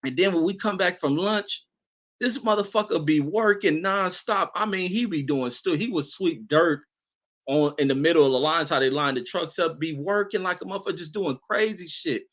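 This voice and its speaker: A man's voice: a little high, moderate pace, lo-fi sound. Profane, laughing man telling army stories. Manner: profane, laughing, animated storytelling. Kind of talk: casual storytelling chat.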